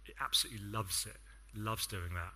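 A man's voice: on the low side, steady tone, fairly quick, sharp tone. A man with an English accent preaching a sermon, telling stories in a conversational way with self-deprecating asides.

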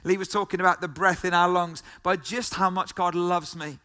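A man delivers a sermon in a high, ringing voice. He keeps circling back to the same phrases and throws questions at the listeners. His tone stays bright and forward. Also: fairly even intonation, normal speed, few pauses, clean tone. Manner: emphatic, repeats key phrases, asks the listeners questions. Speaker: pastor.

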